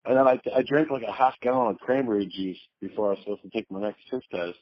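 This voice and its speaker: Give me a low, profane man telling stories. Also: fast, no echo. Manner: profane, rambling, laughs through stories. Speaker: podcast guest. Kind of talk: casual storytelling chat. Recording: dull lo-fi remote audio.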